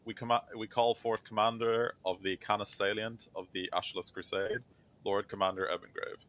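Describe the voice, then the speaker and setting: A cold grand inquisitor, voiced by a man running a tabletop trial, formal and unbending. The voice sits very low and sounds sharp and forceful. The recording is slightly dull and lo-fi. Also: flat delivery, moderate pace, lightly acted. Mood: stern. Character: stern male grand inquisitor presiding over a trial.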